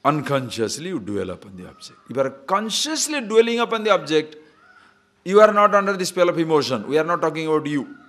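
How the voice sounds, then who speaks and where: A man teaching scripture as a swami in a spiritual discourse, teasing his listeners with rhetorical questions and chanting short verses slowly. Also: fairly high pitch, sing-song, a bit bright. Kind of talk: spiritual discourse to a live audience.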